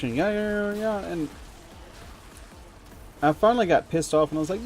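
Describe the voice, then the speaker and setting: A man's voice: fairly high pitch, expressive, fairly quick, long pauses, darkish tone, slight background noise. A young man chatting casually on a game stream, rambling and swearing freely as he rants. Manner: profane, rambling, heats up when ranting. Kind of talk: casual live-stream chat while gaming.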